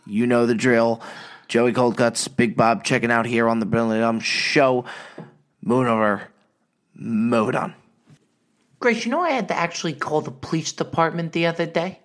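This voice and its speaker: A man's voice: medium pitch, steady tone, normal speed. A man co-hosting a comedy podcast, telling a rambling, joking story in casual chat. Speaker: podcast co-host.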